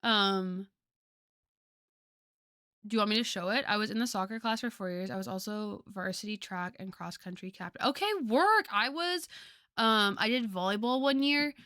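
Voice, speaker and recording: A woman's voice: mid-range voice, normal speed, clean tone, no room sound, studio quality. A woman in her twenties chatting casually with viewers as a streamer, chatty with lots of fillers. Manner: chatty, lively, filler-heavy.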